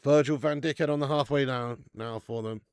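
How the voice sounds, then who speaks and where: A man hosting a live football watch-along stream, chatting casually, swearing freely and loudly hyping up viewers who tip. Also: medium pitch, steady tone, moderate pace, smooth, dry recording. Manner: casual and sweary, with loud bursts of hype thanking viewers.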